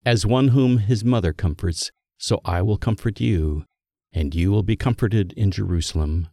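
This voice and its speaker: A man with a fairly low voice reads scripture aloud in a measured, solemn way. He lifts his delivery for quoted speech, and the sound is close and dry with no room echo. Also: vocal fry, mellow. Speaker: scripture reader. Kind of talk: scripted liturgical Bible reading.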